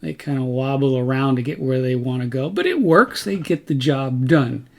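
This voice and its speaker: A man's voice: mid-range voice, fairly even intonation, moderate pace, creaky, darkish tone. A man hosting a casual nature vlog outdoors, chatty and folksy, often stopping to correct himself mid-sentence. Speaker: vlog host.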